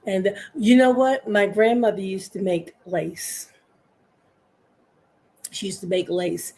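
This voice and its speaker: A woman's voice: medium pitch, takes it slowly, long pauses, a little mellow. An older woman hosting a live crafting stream, chatting in a rambling, homey way with viewers and her pet.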